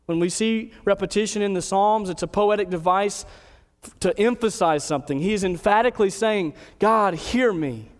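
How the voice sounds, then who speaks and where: A man preaching a sermon as pastor, earnest, slowing down to read scripture aloud. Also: sits high, in a large hall.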